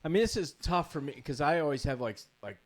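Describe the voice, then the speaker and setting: A man co-hosting a podcast in casual chat, low-key and making dry jokes. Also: animated, fast. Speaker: podcast co-host.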